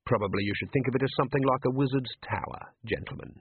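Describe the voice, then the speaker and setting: A man's voice: medium pitch, fast talker, breathy edge, dry recording, narrow, tinny audio. A man reading an audiobook, voicing a polite, cheerful young assassin who talks in a formal, faintly menacing way.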